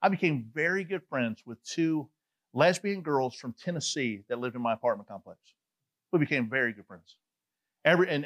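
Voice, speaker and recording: A middle-aged man from Atlanta, Georgia with a Southern accent, preaching a sermon as a chatty, animated storyteller with frequent asides. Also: mid-range voice. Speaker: pastor.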